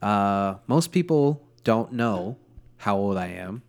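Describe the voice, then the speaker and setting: A man's voice: on the low side, expressive, slow, creaky. A man in his late twenties hosting a podcast, chatting casually and joking with lots of profanity. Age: 20s. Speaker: podcast host. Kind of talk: casual chat.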